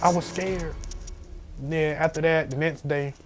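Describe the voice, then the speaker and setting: A young man telling a scary story in casual storytime style, animated and jumping to high squeals when he quotes himself. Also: a little slow, soft background music. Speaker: storyteller vlogger. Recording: faint background noise.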